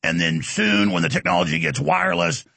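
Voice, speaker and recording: A middle-aged man, hosting a heated, mocking monologue and often shouting. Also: mid-range voice, sing-song, brisk, vocal fry, no echo. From Texas. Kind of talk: ranting monologue.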